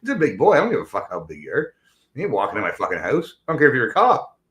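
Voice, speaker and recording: A man with a middle-pitched voice venting in a profane, blunt rant. He swears hard and talks over his grievances with rising anger. It sounds like a casual podcast chat. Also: wildly swooping pitch, very fast, a bit bright. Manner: blunt, angry ranting with heavy swearing. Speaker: podcast co-host.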